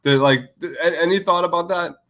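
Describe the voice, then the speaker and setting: A man's voice: on the high side, brisk, a bit bright. A man co-hosting a podcast in casual chat, enthusiastic and full of filler words. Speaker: podcast co-host.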